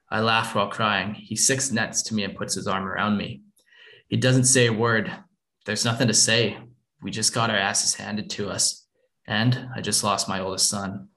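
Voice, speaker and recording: A man's voice: on the low side, steady tone, moderate pace, pushed and bright. A man reading a first-person war story aloud in an earnest, somber way. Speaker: narrator.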